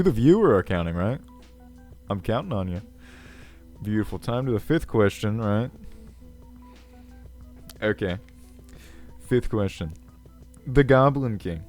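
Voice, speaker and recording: Pompous, rambling ancient goblin king, played by a man, low and crackly, faint music underneath. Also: darkish tone. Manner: pompous, rambling, self-assured. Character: self-important ancient male goblin king. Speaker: video host. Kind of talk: character comedy Q&A.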